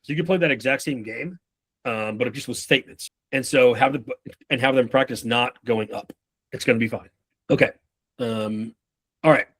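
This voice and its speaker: A man's voice: medium pitch, fairly bright tone, slightly rough. Profane, casual male sales trainer. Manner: loose and profane, acts out customers and reps in quick bits.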